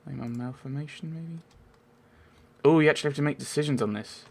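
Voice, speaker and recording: A man's voice: a little high, brisk, creaky, a little mellow. A man giving rambling, casual commentary over a video game, with wry asides and frequent self-interruptions. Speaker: let's play gamer.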